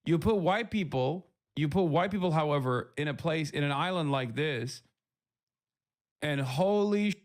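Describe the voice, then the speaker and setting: Male streamer, live reaction commentary, sarcastic, casual, swearing, slightly high voice. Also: lively intonation, normal speed.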